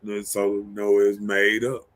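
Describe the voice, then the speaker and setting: A man's voice: on the low side, completely flat delivery, takes it slowly. A man hosting a casual live-stream chat, joking and laid-back as he talks. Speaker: show host.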